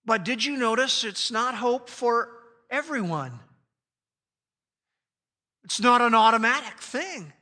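A man preaching a sermon, slowing down and stressing key phrases with emphatic delivery. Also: very high-pitched, lively intonation, sharp tone, long reverb tail. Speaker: pastor.

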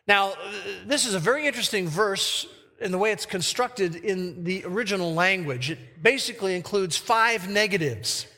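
A man preaching a sermon who reads scripture slowly and with emphasis. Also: high voice, expressive, pushed and bright, in a large hall. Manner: slow, emphatic verse reading.

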